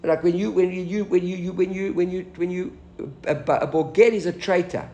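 High-voiced man teaching Talmud. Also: fairly even intonation, normal speed, mellow, roomy sound. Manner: explanatory, asks the class questions. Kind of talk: daily Talmud class.

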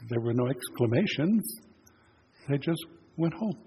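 A man's voice: mid-range voice, expressive, measured pace, mellow. A male pastor preaching a sermon, retelling a scripture story in a plain, conversational storytelling way. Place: church sanctuary. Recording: long church reverb, faint noise.

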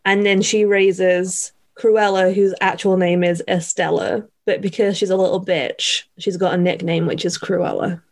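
A woman's voice: lowish voice, level tone, unhurried, few pauses. A woman co-hosting a casual chat, telling the story in a wry, playful way. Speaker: podcast co-host.

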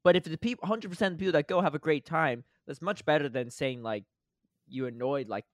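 A man's voice: on the high side, fairly quick, dry recording. A man co-hosting a podcast in loose, laid-back casual chat. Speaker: podcast co-host.

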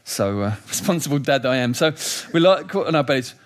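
A middle-aged man preaching a sermon, emphatic and animated, moving between quiet reflection and raised urgency. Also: medium pitch, fairly quick.

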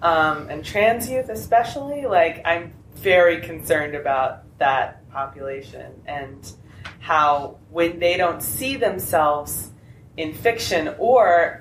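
Low-voiced impassioned woman panelist. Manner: impassioned, rambling with restarts. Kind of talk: convention panel discussion. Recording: echoey room with faint noise.

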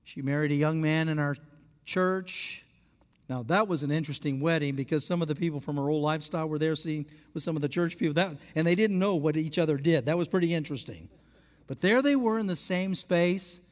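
Older male pastor, high voice, storytelling sermon in a church hall with long reverb. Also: brisk. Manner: storytelling, acts out dialogue with rising pitch.

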